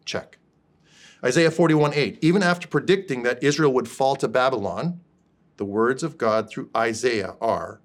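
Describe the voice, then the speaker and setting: A man's voice: mid-range voice, moderate pace. A man preaching a sermon in a conversational way who keeps checking in with his listeners. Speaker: pastor.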